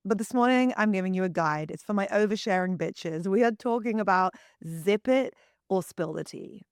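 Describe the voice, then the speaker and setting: A young woman hosting a solo podcast, husky from the early morning, talking frankly to listeners as if to close friends. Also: medium pitch, moderate pace, dry recording. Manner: candid, confiding, talks to listeners like friends. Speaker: podcast host and wellness coach. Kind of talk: chatty solo podcast monologue.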